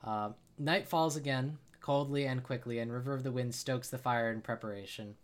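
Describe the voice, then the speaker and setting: A man's voice: medium pitch, moderate pace. Man narrating as game master. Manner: many filler uhs, restarts.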